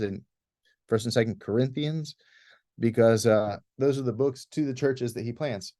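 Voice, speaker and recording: A man giving an informal, conversational presentation to a church group about a planned trip, leading it as clergy. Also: mid-range voice. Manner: relaxed, conversational with many restarts. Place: church hall.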